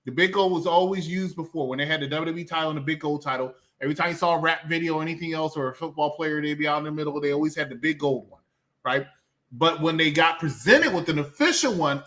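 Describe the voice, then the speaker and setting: A man's voice: on the high side, bright, forceful tone. A man co-hosting a wrestling podcast, talking in an emphatic, ranting way with bursts of laughter. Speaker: podcast co-host. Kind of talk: casual wrestling chat.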